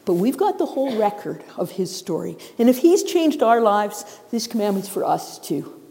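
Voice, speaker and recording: A middle-aged woman preaching a sermon in a church, telling the story in a lively way and acting out the characters' voices. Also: medium pitch, normal speed, vocal fry. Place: church sanctuary. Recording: long reverb of a large hall.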